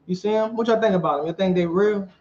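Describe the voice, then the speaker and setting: A man, preaching outdoors and quizzing the crowd in an animated way. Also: high-pitched, fast, highs cut off. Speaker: street preacher. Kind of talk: street preaching debate.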